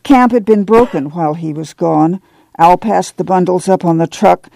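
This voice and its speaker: A man with a gravelly voice reading a novel aloud as an audiobook narrator. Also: high-pitched, moderate pace, warm tone, no room sound. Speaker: audiobook reader. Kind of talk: scripted narration with character voices.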